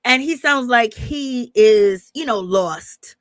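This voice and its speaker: A woman's voice: fairly high pitch, expressive, takes it slowly, no echo. Chatty woman dishing celebrity gossip. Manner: chatty and opinionated, calls viewers baby and girl. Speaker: host of a celebrity gossip livestream. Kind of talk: casual gossip commentary, reading live chat.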